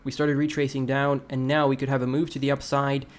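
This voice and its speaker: A man's voice: mid-range voice, fairly quick. A man hosting a casual crypto livestream, walking through price charts and reading viewer comments aloud. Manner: relaxed, talks through charts, reads chat aloud.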